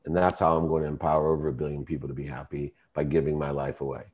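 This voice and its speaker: A man's voice: extremely low pitch, little pitch movement, racing, muffled recording. A man, a guest entrepreneur, telling his life story with emphatic, emotional delivery in an interview. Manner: emotional, emphatic, rising to shouting in quoted arguments.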